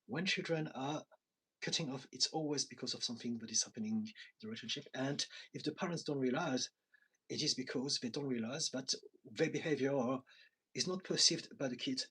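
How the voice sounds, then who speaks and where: Husky-voiced man, earnest therapist chat. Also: mid-range voice, sharp tone, rough recording. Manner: earnest, confessional, self-reflective. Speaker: therapist and coach. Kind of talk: live chat answering viewers.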